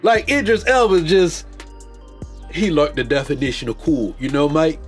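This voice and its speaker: A man's voice: on the high side, normal speed, faint music behind. A man hosting a podcast, riffing loosely about movies with jokes, slang and restarts. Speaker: podcast host. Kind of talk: casual movie commentary.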